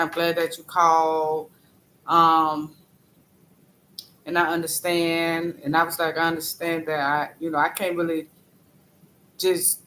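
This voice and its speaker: A man chatting on a live stream, telling a story haltingly, repeating phrases and greeting viewers by name. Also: sits high, pushed and bright, slight background noise, poor audio. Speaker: livestreamer. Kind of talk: casual live-stream talk.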